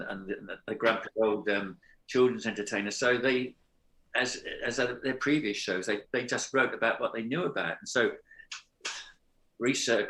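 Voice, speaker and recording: A man, an actor on a reunion panel, reminiscing in a measured way. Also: mid-range voice, fairly bright tone. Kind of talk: casual reminiscing. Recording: echoey room.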